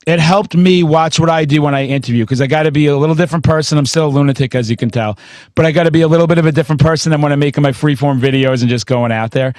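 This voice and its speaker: A man hosting a metal podcast, telling stories in a profane, excitable way and breaking into shouts. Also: fairly high pitch, very fast, no echo. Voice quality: profane, excitable storyteller, swears constantly. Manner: bursts into shouting mid-story. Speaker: podcast host. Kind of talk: casual interview chat.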